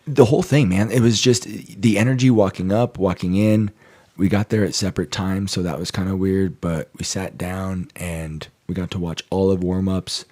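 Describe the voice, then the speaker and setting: Man, podcast co-host, low mellow voice, dry close sound, excitable storyteller with jokey exaggeration. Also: normal speed, dry recording. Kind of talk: casual sports podcast chat.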